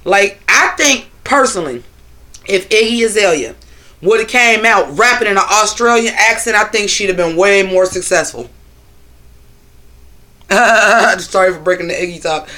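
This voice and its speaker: A man's voice: high-pitched, sharp tone. A man hosting a casual livestream on his phone, talking loosely and profanely while answering his chat. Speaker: livestream host.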